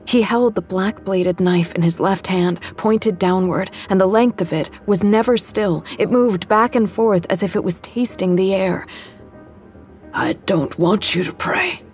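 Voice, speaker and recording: A woman narrates a tense first-person story in a middle-pitched voice, intimate and close. Faint music runs under her reading. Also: moderate pace, hardly any pauses, darkish tone.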